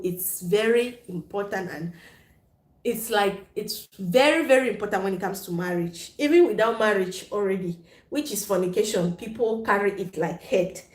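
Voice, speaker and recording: Frank, laughing woman in an echoey room. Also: mid-range voice. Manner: frank and playful, laughs often, mixes Pidgin into English. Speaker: host of a live chat stream. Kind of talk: casual chat with viewers.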